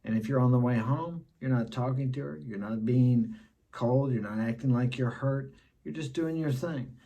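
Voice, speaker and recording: A man's voice: medium pitch, normal speed, dark tone. A middle-aged man giving blunt dating advice in a casual monologue, repeating his key points.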